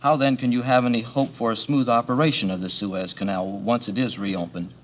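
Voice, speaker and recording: A man's voice: medium pitch, fairly even intonation, fairly quick, fairly bright tone, slight background noise. A man, a news reporter on a press panel, asking direct and pressing follow-up questions.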